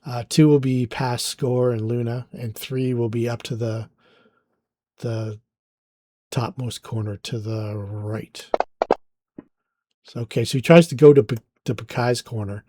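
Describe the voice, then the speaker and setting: A man's voice: medium pitch, fairly even intonation, unhurried, long pauses, dark tone, slight background noise. A man narrating a tabletop game as game master, casual and hesitant with many fillers. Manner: casual, hesitant with frequent ums.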